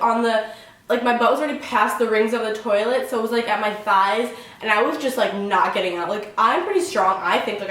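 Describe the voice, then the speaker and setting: A young woman telling a story on her vlog in a casual, excitable way, filling almost every phrase with "like". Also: fairly high pitch. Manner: chatty, fills every phrase with "like"; excitable, dramatic retelling. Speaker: vlogger. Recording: very echoey room, mic at a distance.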